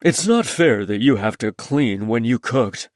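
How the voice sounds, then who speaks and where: A man's voice: medium pitch, expressive, measured pace, no room sound, clean studio sound, natural voice. A man voicing a terse Navy submarine chief. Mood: apologetic. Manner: clipped, terse replies.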